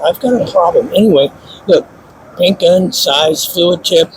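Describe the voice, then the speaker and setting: A man in a paint workshop talking through a hands-on demo with a snarky, self-mocking edge. His voice sits a little high and jumps up further when he gets excited. A faint hum of shop noise runs underneath. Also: unhurried, low-quality recording. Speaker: paint instructor. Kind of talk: casual hands-on demonstration.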